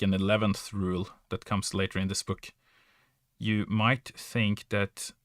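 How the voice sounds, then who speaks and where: A man's voice: lowish voice, sharp tone, no echo, studio quality. A man from Norway with a Norwegian accent, a native Norwegian speaker, chatting casually in English, hesitant and self-correcting with frequent laughs. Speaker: podcast guest or player. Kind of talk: casual chat.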